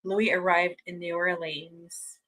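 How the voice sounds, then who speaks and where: A woman hosting a fan watch-party stream, chatting casually and reading out viewer comments, gushing and excitable, laughing often and restarting her sentences. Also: on the low side, takes it slowly, low-quality recording.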